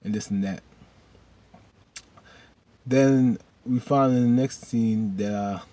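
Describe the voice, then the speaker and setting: A man casually recapping a TV episode, rambling and animated with loose slang. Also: mid-range voice, slow. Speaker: video host recapping a TV episode.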